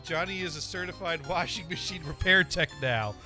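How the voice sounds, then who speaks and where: A man's voice: on the high side, moderate pace, over music. A man hosting a live stream, chatting casually, joking and laughing often. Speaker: stream host.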